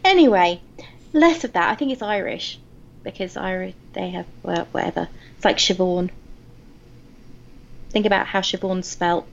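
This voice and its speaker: A woman's voice: mid-range voice, normal speed, gravelly, long pauses, highs cut off, a little hiss or hum. An English woman co-hosting a casual book chat, rambling with many restarts. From England. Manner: chatty, wanders off topic, many restarts. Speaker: book podcast co-host.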